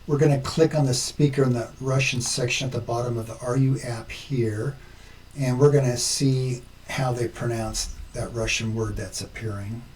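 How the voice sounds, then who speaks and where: Male tutorial host, deliberate and methodical, recorded at a distance with faint background noise. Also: mid-range voice, fairly even intonation, a little mellow. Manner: slow, step-by-step explaining. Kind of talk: screen-recorded tutorial narration.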